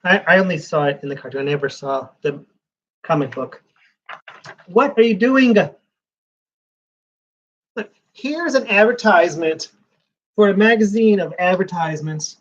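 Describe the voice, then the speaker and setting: A man's voice: a little high, lively intonation, moderate pace, fairly bright tone, highs cut off. A man giving rambling live-stream commentary while flipping through a comics preview magazine, with sarcastic asides.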